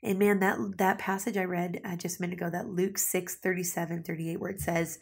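Husky, gravelly woman preaching. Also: lowish voice, fairly even intonation, normal speed, a little mellow. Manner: conversational, restarts and asides, reads scripture aloud. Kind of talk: sermon.

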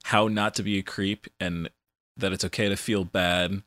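A man's voice: deep voice, level tone, normal speed, fairly bright tone, dry recording. A man hosting a podcast, chatting playfully and rambling about a cartoon episode. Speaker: podcast host. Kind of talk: casual chat.

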